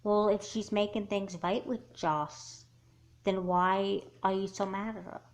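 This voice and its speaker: A woman voicing a calm, blunt teenage girl in a doll movie, asking pointed questions in a level way. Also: medium pitch, measured pace, natural voice. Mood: probing.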